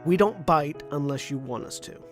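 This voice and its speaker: A man's voice: on the high side, moderate pace, soft background music. A man, the show's executive producer, reading friendly announcements and thanks to supporters before the stream. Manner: friendly, promotional. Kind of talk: scripted announcement.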